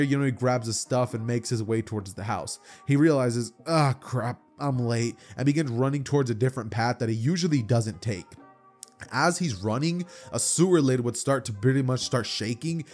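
A man's voice: medium pitch, a little mellow. A man narrating a fan story in a casual, rambling way with lots of fillers, faint music behind. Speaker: storyteller, channel host.

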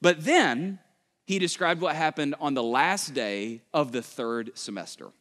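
A male pastor preaching a sermon, telling a story with quick urgent bursts and slow, hushed emphasis. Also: on the high side. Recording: long church hall reverb.

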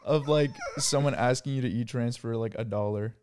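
A man's voice: medium pitch, moderate pace, darkish tone, a little hiss or hum. A young man from Canada co-hosting a podcast, rambling playfully and laughing often in casual chat. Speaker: podcast co-host.

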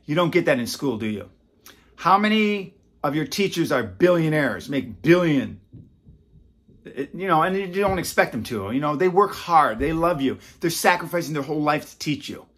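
A man in his fifties speaks straight to his viewers in a loose, chatty way. His voice is husky and sits a little high. He swings from loud, excited bursts down to near-whispers and teases his listeners as he goes. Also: moderate pace. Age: 50s. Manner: animated, swinging between loud and hushed, teasing. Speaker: self-help author and host. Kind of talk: casual talk to camera.

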